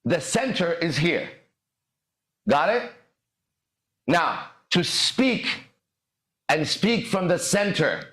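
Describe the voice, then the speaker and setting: A man hosting a podcast and giving a profane, swaggering motivational monologue. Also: a little high. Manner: swaggering, profane, bursts into shouted lyrics. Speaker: podcast host and dating coach. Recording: echoey room.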